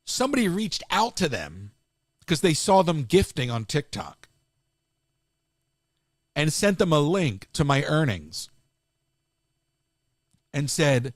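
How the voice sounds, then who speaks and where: A man's voice: a little high, big pitch swings, slow pace, pauses often, no room sound, studio quality. A man hosting a live stream, ranting casually in an exasperated way and restarting his sentences often.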